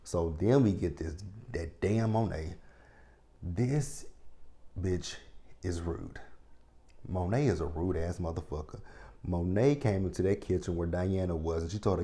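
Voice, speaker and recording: A man's voice: sits low, unhurried, mellow. A man in his thirties recapping and reviewing a TV episode in casual talk, blunt and profane, often checking in with his viewers. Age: 30s. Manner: blunt, profane, ranting commentary; talks straight to viewers, checking in with "right?".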